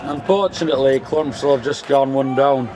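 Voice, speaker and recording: A man giving casual, deadpan mock commentary at an amateur football match outdoors. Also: medium pitch, normal speed. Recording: loud crowd around the mic. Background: crowd noise.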